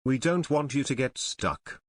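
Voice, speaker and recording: Woman doing a gruff low male voice, husky, mocking, dry close sound. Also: lively intonation, unhurried, dry recording, full character voice. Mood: teasing.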